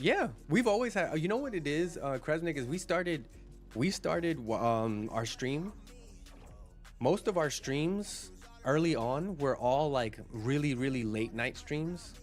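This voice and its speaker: A man's voice: a little high, lively intonation, unhurried, soft background music. Chatty man live-streaming. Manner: chatty, rambling, restarts and repeats words while answering chat. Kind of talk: casual chat reading viewer comments.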